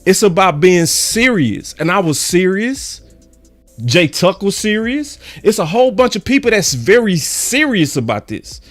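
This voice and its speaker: A man's voice: high voice, big pitch swings, a little slow, a bit bright, faint music behind. A man hosting his own sports channel, delivering a slangy, emphatic fan monologue that repeats its points for weight. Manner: emphatic and repetitive, slangy and preachy. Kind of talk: fired-up fan commentary monologue.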